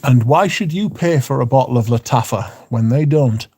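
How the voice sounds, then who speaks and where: Livestream host: man, rambling casual chat, mellow dark tone, mid pitch. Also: normal speed, breathy edge. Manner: rambling, repeats words, plain-spoken. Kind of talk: casual chat, reading out viewer comments.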